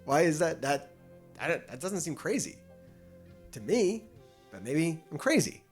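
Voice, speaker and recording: A man chats loosely on a live stream, with a lively voice that climbs and drops. He swears freely and laughs often. Soft music plays faintly underneath. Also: a little high, measured pace. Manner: profane, rambling, laughs often. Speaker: livestream host. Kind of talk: casual live-stream chat.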